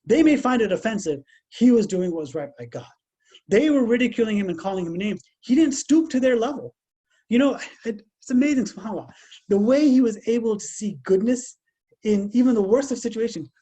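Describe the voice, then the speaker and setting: A man's voice: high voice, fairly quick, breathy edge. A man giving a casual religious lesson over a video call, talking conversationally and telling stories with lots of restarts. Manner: conversational, animated storytelling with many restarts. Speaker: Islamic class teacher.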